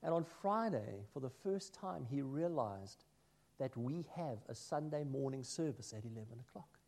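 A man preaching a sermon as a minister, telling self-deprecating stories that swing between loud asides and hushed remarks. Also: medium pitch, expressive, moderate pace, vocal fry. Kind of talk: sermon with personal anecdotes.

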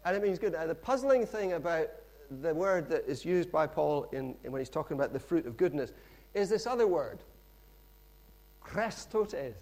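A middle-aged man preaching a sermon in a lively, conversational storytelling manner with frequent asides. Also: on the high side, brisk.

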